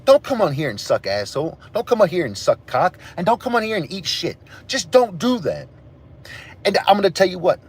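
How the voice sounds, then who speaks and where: A man's voice: high voice, big pitch swings, a little fast, slightly rough. A man hosting a livestream, ranting angrily and profanely at his chat. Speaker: livestream host. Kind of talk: angry livestream rant to chat.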